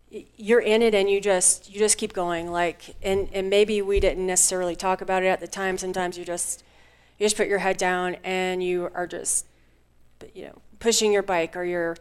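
A woman's voice: mid-range voice, fairly even intonation, normal speed, clear, resonant tone. A woman recounting an adventure race candidly as a guest, with many fillers. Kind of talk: casual chat.

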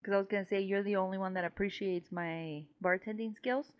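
A woman's voice: mid-range voice, fairly even intonation, a little fast, clear, resonant tone. A woman co-hosting a casual podcast, rambling and swearing freely, laughing often, a little tipsy. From Mexico. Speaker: podcast co-host. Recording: slightly dull lo-fi sound.

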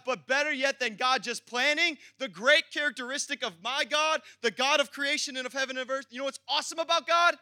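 A man preaching a sermon in an energetic, conversational way, laughing and repeating himself as he talks to the congregation. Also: very high-pitched, no room sound, studio quality. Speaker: pastor.

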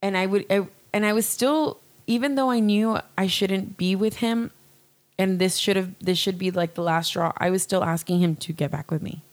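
A woman's voice: mid-range voice, fairly even intonation, normal speed. A young woman in casual chat, telling a personal story candidly with lots of fillers and restarts. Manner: candid, rambling, fillers and swearing.

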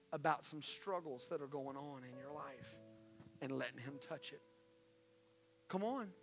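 A male pastor preaching a sermon, repeating his calls and swinging from hushed pleas to loud exhortations. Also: a little high, creaky. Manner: impassioned, repetitive exhortations, swings from hushed to shouting. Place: church sanctuary. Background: soft worship music.

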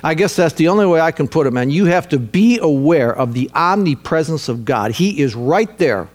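A man preaching a sermon, earnest and urgent at times, then soft and reflective. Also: a little high, lively intonation, normal speed. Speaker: pastor.

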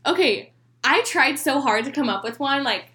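A woman's voice: sits high, expressive, normal speed, sharp tone. A young woman co-hosting a chatty podcast, reading out questions and answering with lots of giggles and fillers. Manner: bubbly, giggly, reads questions aloud. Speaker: podcast co-host. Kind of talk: casual chat.

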